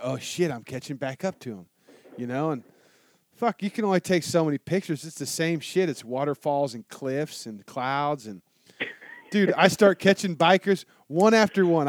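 A man telling a motorcycle story in casual chat, animated and swearing a lot. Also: a little high, normal speed, no room sound. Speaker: guest telling a travel story.

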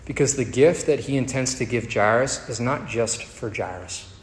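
A male pastor preaching a sermon, moving between soft tender passages and emphatic rising peaks. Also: mid-range voice, moderate pace, slight background noise. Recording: echoey hall with faint ambience.

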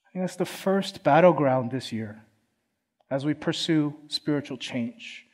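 A man's voice: on the high side, unhurried. A man from Philadelphia preaching a sermon in church, earnest and conversational, often acting out quoted voices. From Philadelphia, USA. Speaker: pastor.

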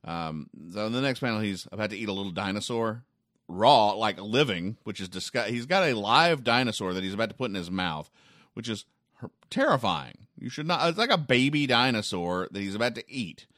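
A man hosting a podcast where he reads comic strips aloud and comments on them, with deadpan, wry asides and frequent ums. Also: lowish voice, a little fast, no room sound, studio quality. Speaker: podcast host.

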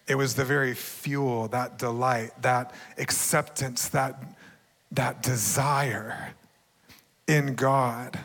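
Earnest young male preacher, warm testimony with frequent light laughs, long hall reverb. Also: medium pitch. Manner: earnest, laughs often, bursts into excited shouting. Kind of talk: sermon testimony.

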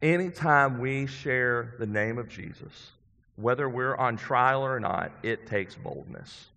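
With a creaky, mid-range voice and a slow pace, a male pastor preaches earnestly and conversationally in church. He builds up to emphatic moments and drops back to quiet ones, all under a long hall reverb.

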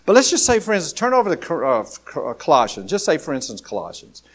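Male pastor, higher register, folksy sermon delivery with rising emphatic peaks. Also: huge pitch swings, quick pace, husky. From Alabama, USA. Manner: folksy, swings from soft asides to rising, emphatic calls.

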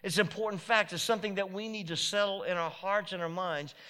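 A pastor preaching a sermon in an emphatic, repetitive way that builds to shouted peaks. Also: male voice, sits high, fast talker.

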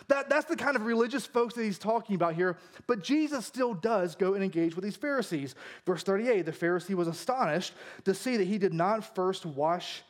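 A man preaching a sermon as a pastor, telling stories in an animated, humorous way. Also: sits high.

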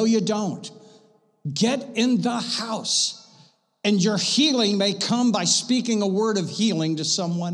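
A man preaching a sermon to his church, swinging from loud passionate bursts to hushed, intimate lines. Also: high-pitched, slightly rough, big-room sound. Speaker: pastor. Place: church sanctuary.

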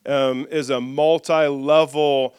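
A man preaching a sermon, reading scripture aloud and leading the congregation in call-and-response, with soft asides. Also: a little high, slow, smooth, no room sound, studio quality. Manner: lively, drops soft for asides. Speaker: pastor.

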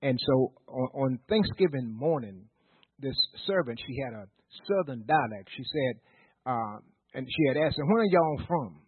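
A man's voice: medium pitch, animated, unhurried, breathy edge, no room sound. A middle-aged man from Virginia preaching a sermon, telling folksy stories with stammered restarts and building into rhythmic repeated phrases. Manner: rising, rhythmic preaching repetition. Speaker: pastor. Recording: dry, tinny phone-like sound.

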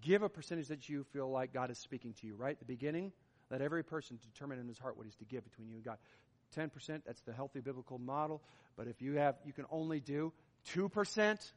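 A man's voice: medium pitch, quick pace. A man preaching a sermon as pastor, with an emphatic delivery that swells and drops in volume. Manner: emphatic, rising and falling in volume. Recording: long hall reverb.

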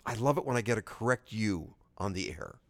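A man's voice: fairly low pitch, lively intonation, fairly quick, dry recording, studio quality. A male co-host of a movie podcast, fussy and self-described anal compulsive, trading playful banter in casual chat.

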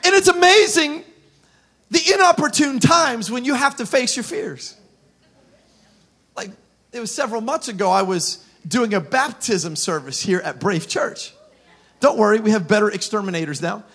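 A man pastor, telling funny stories in a sermon to his congregation, animated and self-mocking, breaking into shouts as he acts out scenes. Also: sits high, normal speed. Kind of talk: humorous sermon storytelling. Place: church auditorium with live congregation.

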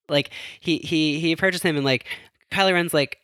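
A man's voice: fairly high pitch, unhurried, sharp tone, no echo, studio quality. Chatty man rambling with fillers. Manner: chatty and self-correcting. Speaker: podcast host. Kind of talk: casual solo podcast recap.

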